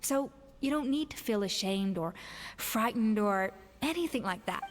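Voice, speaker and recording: A woman voicing a composed female head chef in a video game, speaking in a calm, measured and gently reproving manner. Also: a little high, slight background noise, natural voice. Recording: game audio with long reverb and faint music.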